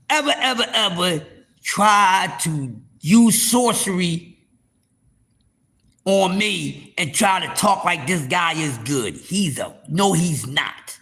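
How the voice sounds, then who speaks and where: A man's voice: high voice, pushed and bright. A man hosting a live stream, ranting heatedly about boxing to his viewers, profane and repeating words for emphasis. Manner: speaks straight to the viewers as y'all. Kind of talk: casual boxing rant to a live audience.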